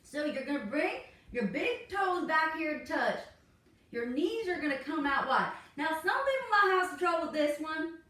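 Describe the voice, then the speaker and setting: A woman's voice: high-pitched, very animated, normal speed, bright, forceful tone. A woman leading a joking yoga class in a goofy, laid-back way. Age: 40s. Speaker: yoga instructor. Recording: echoey room, mic far off.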